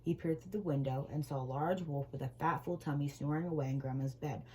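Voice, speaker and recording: A woman reading a children's storybook aloud with gentle, expressive storytelling. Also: low-pitched, a little fast, slight background noise, low-quality recording.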